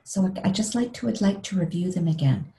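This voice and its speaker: Woman, meditation teacher, very dark mellow tone, lowish voice, gentle, breathy whispers, video call. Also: expressive, rough recording. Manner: gentle, soft, unhurried, slips into breathy whispers. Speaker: meditation instructor. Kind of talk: guided meditation webinar.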